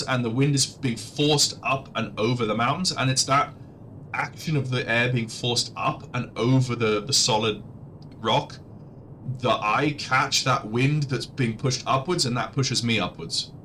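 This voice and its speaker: A man's voice: mid-range voice, pushed and bright, slight background noise. A man casually commentating his flight-sim livestream, chatty and rambling, often restarting his sentences. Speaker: livestreamer and audiobook narrator.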